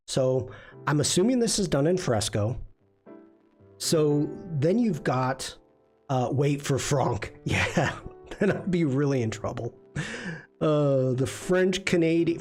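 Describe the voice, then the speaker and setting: A man hosting a casual livestream critique, chatty and self-deprecating, reviewing viewers' work. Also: on the high side. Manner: chatty, self-deprecating, many fillers and restarts. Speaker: livestream host and design instructor.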